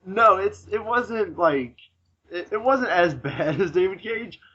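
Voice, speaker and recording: A man's voice: high-pitched, animated, takes it slowly, sharp tone, breathy edge, dull audio. A young man hosting a casual gaming podcast, rambling, swearing freely and laughing at his own jokes. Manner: profane, giggly and rambling. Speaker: podcast host. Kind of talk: casual chat.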